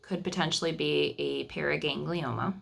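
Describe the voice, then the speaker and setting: A woman in her thirties talks into the camera at home in a personal video diary. Her voice sits low, with a husky, gravelly edge. She sounds emotional and halting, and often circles back over her own phrases. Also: steady tone. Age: 30s. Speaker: vlogger sharing family news.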